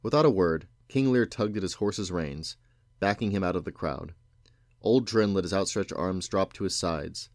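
Man, low voice, measured storybook reading, dry close sound. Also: dry recording. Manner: measured, expressive. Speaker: father reading aloud.

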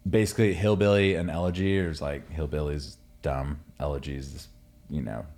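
Very deep-voiced male co-host, loose and joking, easygoing podcast banter. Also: steady tone, normal speed, a little mellow. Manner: jokey, playful banter. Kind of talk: casual chat. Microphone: desk mic.

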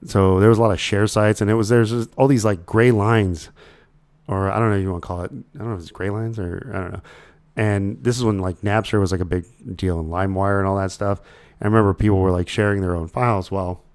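Podcast host, male, lowish voice, casual rambling monologue with frequent chuckles. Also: darkish tone. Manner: rambling and laid-back, chuckling often.

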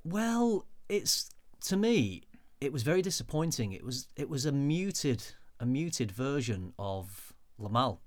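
A man's voice: mid-range voice, very animated, unhurried, few pauses, dry recording, studio quality. A man co-hosting a podcast, chatting casually and teasing his co-host. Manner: bantering, teasing. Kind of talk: casual chat.

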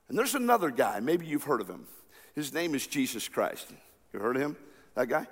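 A male pastor preaching a sermon, swinging between loud passionate cries and quiet, slow asides. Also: a little high, very animated, slightly rough. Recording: long reverb of a large hall.

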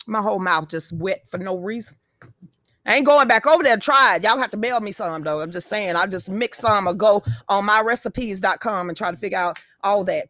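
A woman's voice: mid-range voice, fairly bright tone, dry recording, clean studio sound. A middle-aged woman, hosting a live show in brash, profane, joking casual chat.

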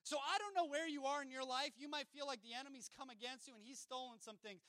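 A man preaching a sermon in a casual, conversational way, retelling scripture in slangy everyday speech and swinging between loud emphatic peaks and hushed asides. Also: very high voice, quick pace, hardly any pauses, dry recording. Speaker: pastor.

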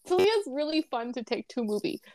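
A woman co-hosting a casual chat, telling animated stories and laughing often. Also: high-pitched, fairly quick, no room sound.

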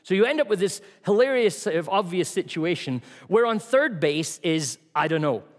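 A man preaching a sermon in a church, telling stories with a varied delivery that drops to quiet asides. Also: high-pitched, expressive, normal speed, long reverb tail.

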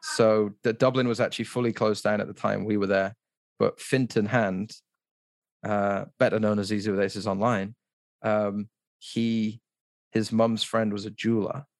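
A man's voice: fairly low pitch, little pitch movement, moderate pace, dry recording, studio quality. A man speaking as a podcast guest, telling a story in a casual, rambling way with lots of "like" and restarts.

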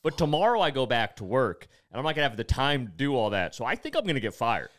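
A man's voice: medium pitch, fast talker. Swearing young man telling stories. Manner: animated, swears a lot, acts out quoted people. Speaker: podcast co-host. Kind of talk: casual storytelling chat.

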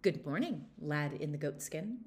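Storybook weasel: small, brave, bragging, read by a woman in a lively voice. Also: low-pitched. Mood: boastful. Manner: swaggering, brisk and eager. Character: bold boastful little male weasel.

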